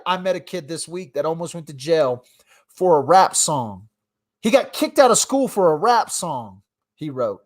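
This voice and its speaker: Ranting dad on a phone livestream. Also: male voice, fairly high pitch, sing-song, normal speed. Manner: ranting, swings between loud outbursts and mumbled asides. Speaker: livestream host. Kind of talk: casual live-stream rant.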